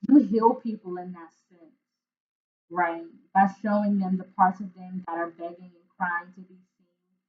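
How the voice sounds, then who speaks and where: A woman's voice: on the low side, steady tone, unhurried. A woman giving a spoken tarot reading, earnest and emotional, often searching for words and tagging lines with "right?" and "like". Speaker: intuitive tarot reader. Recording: phone-like narrow sound.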